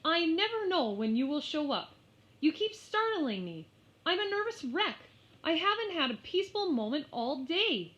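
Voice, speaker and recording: A woman's voice: mid-range voice, sing-song, measured pace, fairly bright tone. A woman voicing an exasperated young schoolgirl who daydreams and keeps losing her temper. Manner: whiny, frustrated outbursts. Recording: slightly muffled lo-fi.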